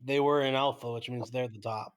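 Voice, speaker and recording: A man at a tabletop game table, mid-pitched and casual, chiming in with questions about what his character can do. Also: fairly even intonation, fairly quick, slight background noise. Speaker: player.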